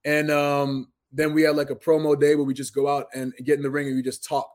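Talking a little fast in a voice on the high side with completely flat delivery, this Massachusetts pro wrestler in his thirties shares stories as an interview guest. The casual talk is earnest and full of restarts.

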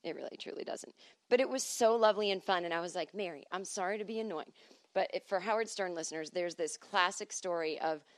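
A woman's voice: on the low side, fairly quick, no room sound. A woman hosting a podcast alone, telling wry, rambling stories in a chatty way, full of asides and quoted voices. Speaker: podcast host. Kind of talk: casual solo podcast monologue. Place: at home.

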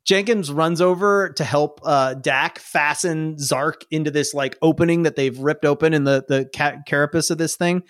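A man's voice: fairly high pitch, moderate pace, few pauses, fairly bright tone, dry recording, clean studio sound. A man narrating as game master in a tabletop game, rambling with many fillers.

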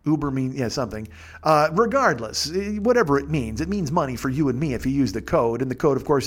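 A man's voice: mid-range voice, very animated, a little fast. A man hosting a casual podcast, ranting and swearing with sarcasm and mocking little impressions of other people. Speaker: podcast host.

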